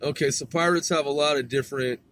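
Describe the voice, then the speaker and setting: A man's voice: medium pitch, steady tone, quick pace, a bit bright, dry recording. A man hosting a podcast in a casual, rambling monologue, laid-back and profane, chuckling often. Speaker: podcast host.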